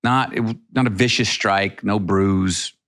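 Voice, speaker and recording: A man's voice: on the low side, fairly even intonation, measured pace, fairly bright tone. A middle-aged man from Texas, a podcast guest telling a personal story in a rambling, vivid way with many restarts.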